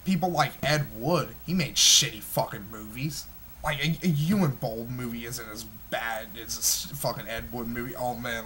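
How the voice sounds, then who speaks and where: A man's voice: medium pitch, a little fast, fairly bright tone. A man in his twenties reviewing a movie in an agitated, heavily profane rant, full of stumbling restarts. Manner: smoking while talking.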